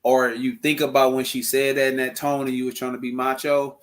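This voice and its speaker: A man's voice: medium pitch, little pitch movement, fairly quick. Earnest young man talking marriage. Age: young adult. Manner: earnest, preachy asides to viewers, acts out quotes. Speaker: co-host. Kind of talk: casual chat.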